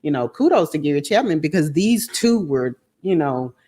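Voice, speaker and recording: A woman, co-hosting a podcast and chatting casually with her husband in quick, emphatic bursts. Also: low-pitched, lively intonation, warm tone. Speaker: podcast co-host.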